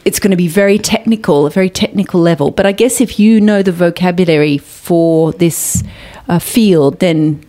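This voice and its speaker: A woman's voice: lowish voice, normal speed, few pauses, mellow. A woman interviewing a guest, asking encouraging questions and adding friendly backchannels. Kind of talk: casual interview.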